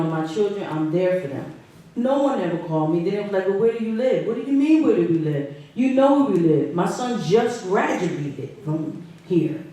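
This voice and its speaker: A woman, a resident speaking at a public meeting, talks in an emotional, hurt way, halting and restarting as she speaks. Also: lowish voice, mellow. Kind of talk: public comment. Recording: echoey hall, distant mic.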